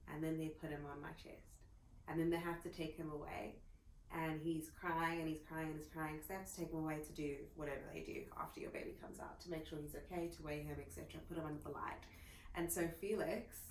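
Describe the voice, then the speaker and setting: Young woman, low voice, laid-back storyteller, echoey room with faint hiss, for a chat show. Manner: relaxed, laughing often, with filler pauses. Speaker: co-host.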